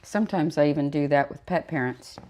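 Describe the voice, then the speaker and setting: A woman's voice: low voice, brisk, a little mellow. A woman dog groomer chatting casually while she works, telling stories and acting out her clients. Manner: chatty storytelling, acts out clients in quotes.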